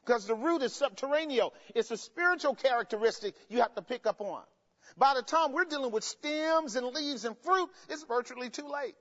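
Leading a Bible study as pastor, this man speaks in a high, slightly bright voice and stresses his points forcefully. He poses call-and-response questions so the audience completes his sentences, captured in a dull recording with a long, hall-like echo.

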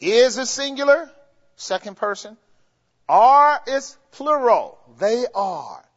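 High-voiced preacher teaching from the pulpit. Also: male voice, big pitch swings, slow, a bit bright. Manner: asks the congregation questions and has them answer; explains grammar step by step, with emphatic rises. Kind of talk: sermon teaching. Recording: dull, lo-fi recording with long hall reverb.

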